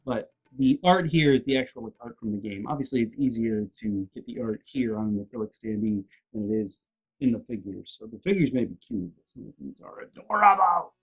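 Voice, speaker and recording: A man's voice: mid-range voice, animated, fairly quick. A chatty man narrating a board game unboxing in a casual, self-deprecating way, often correcting himself mid-sentence.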